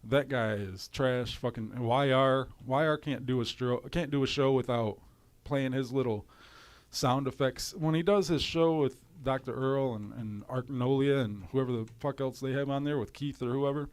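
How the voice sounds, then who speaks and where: A man on a livestream, ranting in a profane, exasperated voice at a middle pitch. He sniffles with a runny nose as he complains. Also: normal speed. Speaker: livestream commentator. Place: home in cold weather.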